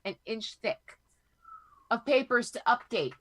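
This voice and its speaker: A woman in her thirties, hoarse from a cold, chatting as a podcast co-host and telling rambling, profane stories. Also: fairly high pitch, animated, measured pace, fairly bright tone. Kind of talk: casual chat.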